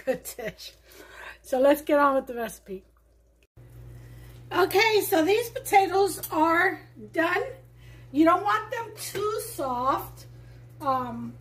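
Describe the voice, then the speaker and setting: A woman with a Brooklyn accent hosting a home cooking show, chatting warmly to viewers as she demonstrates a recipe. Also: high voice. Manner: chatty, enthusiastic, talks to viewers. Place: home kitchen.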